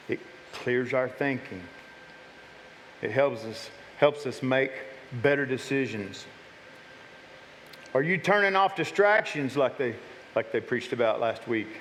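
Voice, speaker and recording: In a church sanctuary full of long hall reverb, a male pastor delivers a conversational sermon, regularly repeating and restarting phrases. His voice is mid-range and a bit bright, slow with long pauses, over slight background noise.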